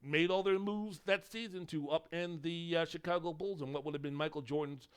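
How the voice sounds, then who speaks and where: A man's voice: fairly high pitch, steady tone, brisk, clear, resonant tone. A man hosting a solo sports podcast, talking in a rambling, opinionated way and swearing casually. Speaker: podcast host.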